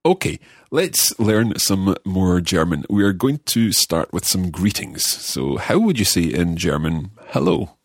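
A deep-voiced man leads a podcast language lesson in a friendly, measured way. His voice has a slightly husky edge and sits in a dry, close studio sound. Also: very animated, dry recording. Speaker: language course host and learner.

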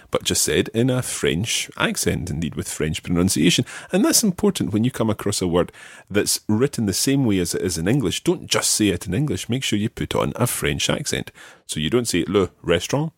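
A man hosting a language-learning podcast, teaching patiently and modelling words clearly for the listener. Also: sits low, sing-song, fairly quick, dry recording, clean studio sound. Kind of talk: language lesson with an ad read.

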